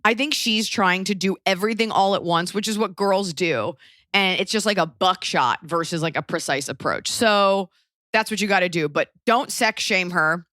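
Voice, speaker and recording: Woman podcast host rambling thru advice, blunt and jokey, bright punchy voice, dry close sound. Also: medium pitch, normal speed, dry recording. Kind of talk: casual advice chat.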